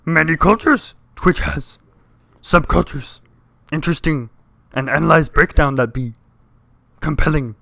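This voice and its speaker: A man doing a slow, gravelly little alien sage. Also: a little high, bright, forceful tone, no room sound, voice pushed up, full character voice. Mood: playful. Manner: inverted word order. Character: wise little old alien master, backwards speech.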